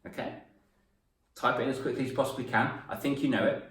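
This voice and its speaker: Upbeat coach in an echoey room. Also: male voice, mid-range voice, quick pace, a bit bright, distant mic. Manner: upbeat, encouraging, praising viewers by name. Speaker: confidence coach. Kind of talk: live online lesson for children.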